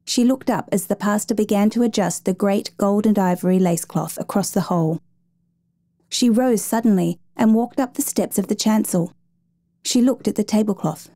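A woman reading a story aloud in a measured, gentle storytelling manner. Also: medium pitch, dry recording. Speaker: narrator. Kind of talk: scripted story narration.

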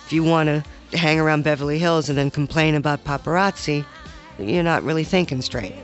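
A woman's voice: low-pitched, fairly quick, music in the background. A woman singer speaking frankly and assertively in an interview clip. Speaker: guest singer. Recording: dull lo-fi interview audio.

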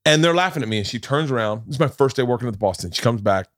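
A man in his forties tells a long comic story as a podcast host, rambling and swearing as he goes. His voice sits at an ordinary middle pitch. He acts out other people's lines as he talks, and the sound is dry and close, with no room around it. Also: lively intonation, very fast, no room sound. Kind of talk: casual comedic storytelling.

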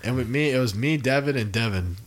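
A man's voice: medium pitch, a little fast. A young man in casual podcast chat, loose and slangy, calling everyone dude. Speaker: podcast co-host.

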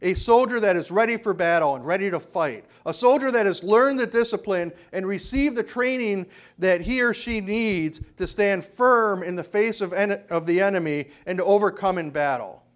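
A man preaching a sermon, telling a story from his own time in the army and lowering his voice to quote a drill sergeant. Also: moderate pace, few pauses. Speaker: pastor.

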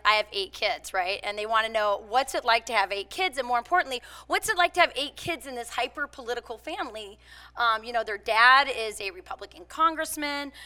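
A woman's voice: a little high, pushed and bright. A woman in her forties giving a public talk, mixing personal stories with points, conversational with frequent fillers. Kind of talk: public speech with personal anecdotes.

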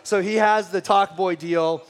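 Pastor, 30s, slightly high voice, relaxed joking sermon delivery. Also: male voice, unhurried. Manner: conversational and joking, talks straight to the congregation. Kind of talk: sermon with personal storytelling.

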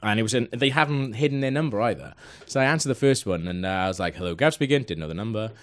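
A man, a podcast host, telling an animated story in casual chat, swearing and laughing often. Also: lowish voice, quick pace.

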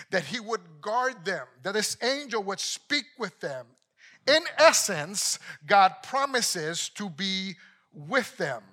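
High bright-toned guy preaching a sermon, slow and deliberate, repeats lines for emphasis. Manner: builds to loud, emphatic repetition, then drops low for scripture. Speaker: pastor.

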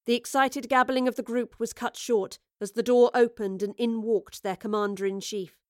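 A woman giving scripted audiobook narration of a story in a measured, vivid storytelling manner. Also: fairly high pitch, steady tone, a little mellow, dry recording, studio quality.

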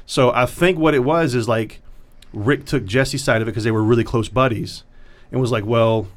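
Man, comedian, casual chat, profane, animated storytelling. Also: medium pitch, moderate pace.

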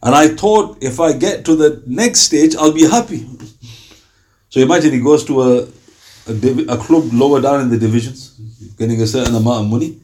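A man's voice: mid-range voice, moderate pace, darkish tone. A man giving an informal Islamic talk, talking conversationally and acting out little dialogues with rhetorical questions. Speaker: Islamic preacher.

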